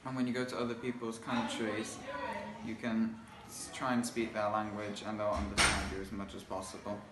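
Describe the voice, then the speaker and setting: A man's voice: fairly low pitch, monotone, brisk, a crowd in the background. A teenage boy from England giving an earnest school presentation. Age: teens. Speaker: pupil. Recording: echoey school hall.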